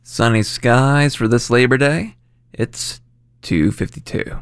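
A man's voice: medium pitch, slow pace, clear, resonant tone, no room sound. A man giving local radio station announcements in an easygoing, friendly delivery. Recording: dry studio with faint music bed.

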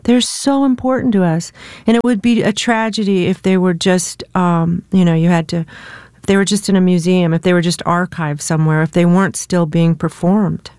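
Reflective American woman songwriter, smooth voice. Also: fairly low pitch, steady tone, moderate pace, a little mellow, no room sound, clean studio sound. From United States. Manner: reflective and candid, laughs often. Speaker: singer-songwriter guest. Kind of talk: relaxed radio interview conversation.

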